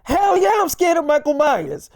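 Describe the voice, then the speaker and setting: A man voicing his excited, nosy young wife, who keeps asking questions and swears often. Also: very high-pitched, moderate pace, dry recording, studio quality, voice pushed up, heavily acted.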